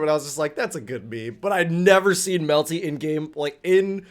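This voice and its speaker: A man co-hosting a gaming podcast who tells stories in an animated way and laughs often. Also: high voice, brisk. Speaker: podcast co-host. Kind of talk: casual chat.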